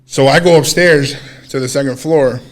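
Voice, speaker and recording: A man co-hosting a podcast, casually telling a story in an animated way, swearing freely and acting out what people said. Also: medium pitch, normal speed. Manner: animated, swears freely, acts out quoted dialogue. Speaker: podcast co-host.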